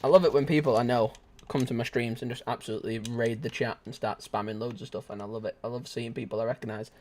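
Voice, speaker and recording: A young man giving lively, joking live commentary as he streams a shooter game and chats with his viewers. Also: medium pitch, quick pace. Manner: excitable, shouts and laughs at the game; joking banter with chat. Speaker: gaming streamer.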